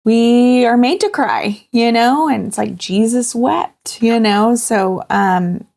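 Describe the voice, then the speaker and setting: A woman in her thirties, a guest in an interview, talking in a halting, heartfelt way with many fillers. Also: fairly high pitch, vocal fry, darkish tone. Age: 30s. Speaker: guest sharing her cancer journey. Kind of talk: candid personal interview.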